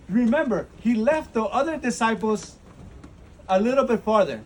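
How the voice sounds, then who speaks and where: High-voiced man preaching earnestly outdoors. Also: darkish tone, slight background noise, poor audio. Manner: earnest, rising to fervent emphasis. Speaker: pastor. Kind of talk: sermon. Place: outdoors at a holy site.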